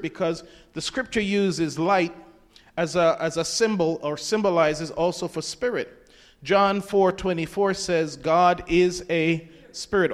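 A man preaching a sermon, quoting scripture in old-fashioned wording and putting questions to his congregation. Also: high-pitched. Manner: quotes scripture in King James wording, asks the congregation questions. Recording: long reverb of a hall.

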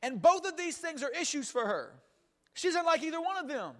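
A man's voice: very high-pitched, very animated, a little fast, long reverb tail. A man preaching a sermon in a fervent, conversational way, calling out amens. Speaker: pastor.

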